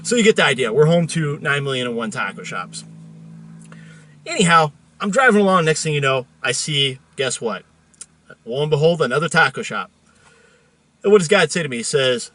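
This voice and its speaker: A man hosting a show, telling a story in a car in a chatty, joking, animated way. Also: mid-range voice, fast talker. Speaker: host. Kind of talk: casual storytelling monologue.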